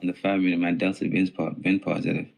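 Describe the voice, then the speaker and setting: A husky man with a Boston accent talks traders through the market on a live stream. His voice sits a little low, and he coaches with lively, chanting energy. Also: quick pace, poor audio. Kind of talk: live trading stream chat.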